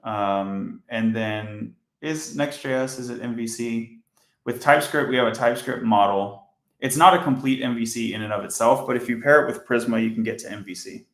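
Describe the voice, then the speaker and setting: A man teaching coding on a casual live stream, talking in a sleepy monotone. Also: mid-range voice, normal speed, reverberant.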